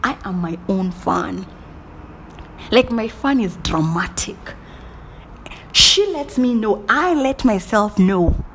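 A woman giving a dramatic motivational monologue, swinging between whispers and loud bursts and often laughing at herself. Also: medium pitch, lively intonation, slow, pauses often, slight background noise. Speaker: motivational speaker.

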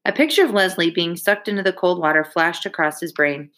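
Female audiobook reader, steady and measured, with a low, forceful voice. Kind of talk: audiobook reading.

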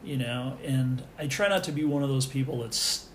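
Middle-aged male podcast guest, rambling chat with restarts, mid pitch, roomy echo. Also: fairly even intonation, moderate pace. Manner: rambling, many restarts and fillers. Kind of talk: casual podcast chat about wrestling. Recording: echoey room, faint background noise.

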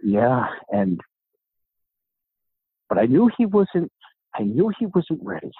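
A man's voice: mid-range voice, slow, slightly rough, no room sound. A middle-aged man from New York telling a long story in a podcast interview, acting out the voices of the people in it. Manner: animated storyteller, acts out quoted dialogue. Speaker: guest, author and gym owner. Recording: tinny phone-like sound.

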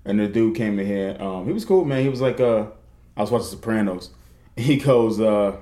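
A man's voice: fairly low pitch, lively intonation, normal speed, dark tone, echoey room. A man co-hosting a podcast, talking in casual, profane banter. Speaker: podcast co-host. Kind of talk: casual chat.

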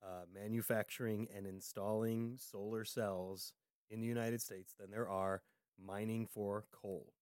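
Smooth low-voiced man in casual talk. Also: little pitch movement, darkish tone, dry recording, clean studio sound. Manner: conversational, trailing off into fillers, quickening when making a point. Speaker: podcast co-host. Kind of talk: casual political chat.

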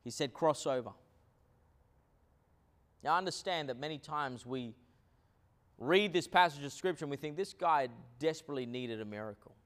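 A man preaching a sermon as pastor, with many fillers, swinging between hushed low lines and loud acted quotes. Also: animated, moderate pace, long pauses.

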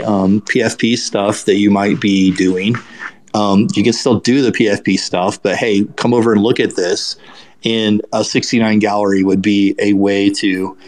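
A man who is an art collector, talking as a guest in a casual online audio chat, explaining his ideas in a relaxed way with plenty of fillers. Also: on the low side.

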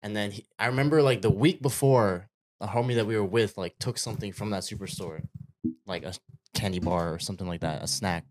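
Low-voiced young man chatting casually. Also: a little fast. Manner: relaxed, filler-heavy storytelling. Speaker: podcast co-host. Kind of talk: casual chat.

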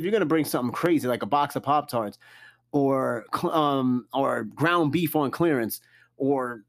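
A man hosting a casual solo podcast, reading out a list and reacting with loud, profane, joking comments. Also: a little high. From New York. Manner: animated, cussing, jokey reactions to a list. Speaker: podcast host.

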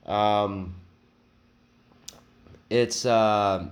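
A man's voice: on the low side, steady tone, very slow. A man hosting a comedy podcast, talking casually in a crude, rambling, self-mocking way. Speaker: podcast host.

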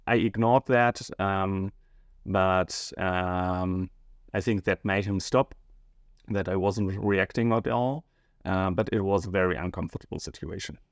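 Low-voiced man, halting interview answers. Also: steady tone, no echo, clean studio sound. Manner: hesitant, many fillers and restarts, searching for words. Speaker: interview guest, schoolteacher.

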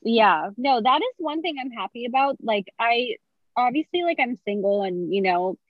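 A woman's voice: on the high side, lively intonation, normal speed, dry recording. A young woman in casual chat, frank and wry, giving her friend advice. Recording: dry, slightly dull sound.

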